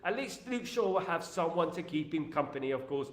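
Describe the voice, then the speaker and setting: A man's voice: on the high side, expressive, a little fast, reverberant. A man hosting a football fan channel, chatting casually on a live stream and reading out viewer messages in a repetitive, joking way full of filler phrases.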